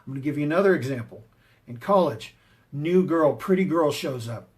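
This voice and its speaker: A man's voice: on the high side, lively intonation, a little fast. A man giving a motivational talk on confidence, emphatic and punchy, telling personal stories to drive his points home. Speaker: motivational speaker and martial arts teacher.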